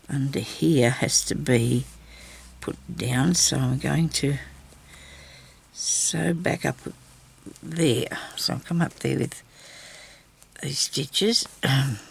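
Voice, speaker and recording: Aussie lady rambling thru her sewing vlog, husky kinda raspy voice, right up on the cam. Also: low-pitched, darkish tone. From Australia. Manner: rambling, chatty, talks to herself while sewing. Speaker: craft vlogger. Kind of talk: casual crafting vlog chat. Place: indoor room at home. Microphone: camera mic, very close.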